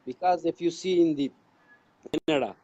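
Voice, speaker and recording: A man from Pakistan speaks earnestly as an interview guest, circling back on phrases as he explains. His voice is mellow and sits a little high, and the audio comes through dull and lo-fi. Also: moderate pace. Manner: earnest, repeats phrases like "you can say". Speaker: guest, English teacher. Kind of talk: interview conversation.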